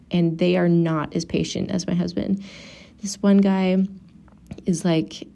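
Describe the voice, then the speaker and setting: A woman's voice: fairly low pitch, level tone, moderate pace, vocal fry, dark tone. A young woman and mother telling a travel story to her viewers in a casual, chatty way, with lots of "like" and acted-out quotes.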